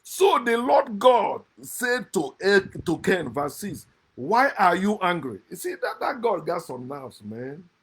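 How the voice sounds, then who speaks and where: Husky high-voiced man ranting. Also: wildly swooping pitch, slow, few pauses. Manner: preachy and mocking, swings from loud outbursts to low muttered asides. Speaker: online speaker critiquing scripture. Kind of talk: passionate monologue reading and critiquing scripture.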